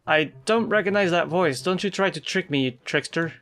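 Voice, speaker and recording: Woman doing a gruff, paranoid office guy. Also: lowish voice, a little fast, soft background music, close to an everyday voice. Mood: boastful. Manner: gruff, boastful, deadpan. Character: stubborn, paranoid male office worker in a cubicle fort. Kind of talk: voicing game dialogue in a let's play.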